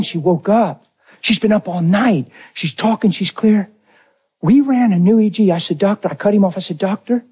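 Emotional husky-voiced man preaching. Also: fairly high pitch. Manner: emotional, voice rising to near shouts and dropping to hushed tones; acts out dialogue in his story. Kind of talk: testimony sermon.

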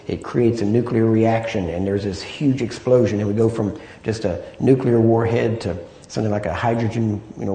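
A man's voice: fairly low pitch, warm tone. A man preaching a sermon in an easy, conversational way, often asking "Amen?" and "right?" to draw agreement. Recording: echoey room.

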